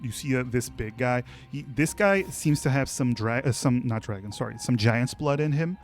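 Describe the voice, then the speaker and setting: A man's voice: medium pitch, normal speed, faint music behind. Laid-back man running a tabletop game. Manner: relaxed, chatty, many fillers and restarts. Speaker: game master.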